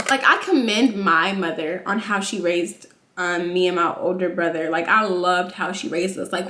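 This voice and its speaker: A woman's voice: medium pitch, fairly bright tone, reverberant. A young woman vlogger and new mother chatting casually while doing her makeup, informal and talkative, peppering her talk with "like" and "y'all".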